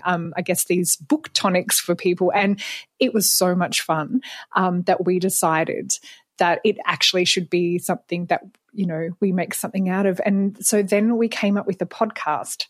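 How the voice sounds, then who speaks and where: A woman talks casually as an interview guest, chatty and quick to laugh, with frequent ums. Her voice sits mid-range and is recorded dry and close. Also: mid-range voice, dry recording. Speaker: librarian and podcast co-host, guest.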